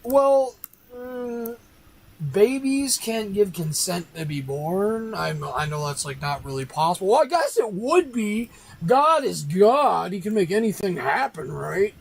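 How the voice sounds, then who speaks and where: A man's voice: high-pitched, animated, a little slow, creaky, poor audio. A man ranting on a casual livestream, arguing with rhetorical questions and repeating his points.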